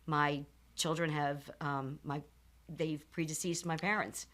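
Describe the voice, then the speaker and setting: Low-voiced woman telling a personal story. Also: steady tone, slow pace, a bit bright. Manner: candid and earnest, with frequent ums and restarts. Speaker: podcast guest, nonprofit founder. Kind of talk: personal story in a podcast interview.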